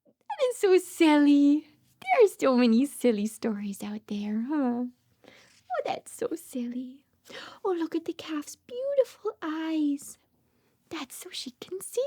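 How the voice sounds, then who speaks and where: A woman reads a bedtime picture book to little ones in a very high, bright-toned voice that swoops up and down with lively inflection. She speaks slowly and gently, often dropping into a soft whisper. She keeps pausing to coax the child with questions. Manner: coaxing, asks the child many questions. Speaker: speech therapist reading aloud. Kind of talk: bedtime story read-aloud for young children.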